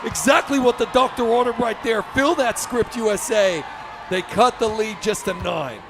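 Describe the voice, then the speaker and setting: A man calls a virtual basketball game with a high, lifted voice. He is excited and keeps punching out the big moments. He sounds like a busy live esports commentator. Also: moderate pace, a crowd in the background, background noise. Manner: excited, often shouting. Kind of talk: play-by-play commentary.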